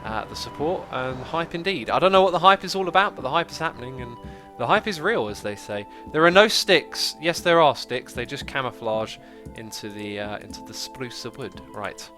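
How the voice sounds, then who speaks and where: A man hosting a casual gameplay livestream, chatting, thinking out loud and answering viewer comments. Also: mid-range voice, expressive, moderate pace, few pauses, over music. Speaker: livestream host.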